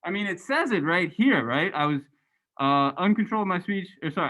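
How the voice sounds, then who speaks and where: A man lecturing a university class and going over graded answers, animated and chatty, often adding "right?". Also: high-pitched, brisk, poor audio. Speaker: university religious studies lecturer.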